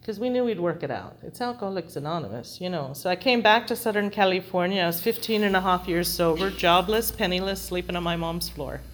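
Middle-aged woman, wry storyteller, chatty, slightly low voice, faint background hiss. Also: fairly quick, hardly any pauses, low-quality recording. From London. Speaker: speaker sharing a recovery story. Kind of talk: humorous personal storytelling.

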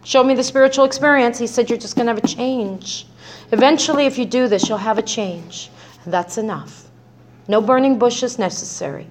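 A woman's voice: on the high side, brisk. A middle-aged woman sharing her recovery story in a personal testimony talk, speaking conversationally with many "right?" tags and restarts.

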